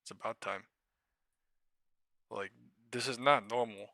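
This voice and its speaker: A man's voice: lowish voice, steady tone, unhurried, long pauses, bright, forceful tone, no room sound. A man live-streaming his stock trades, talking casually with heavy swearing and exasperated rambling.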